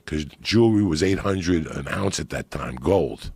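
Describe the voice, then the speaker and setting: Gravelly profane man telling stories. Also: low-pitched, measured pace, no room sound. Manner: profane, animated storytelling. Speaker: podcast guest storyteller. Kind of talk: casual chat, storytelling.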